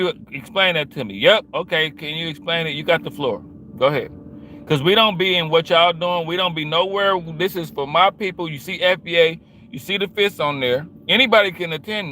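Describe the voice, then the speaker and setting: Streamer man, heated and slangy, tense bright tone, sits a little high. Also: a little hiss or hum. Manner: confrontational, repetitive and slangy. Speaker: livestream host. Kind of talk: livestream rant to chat.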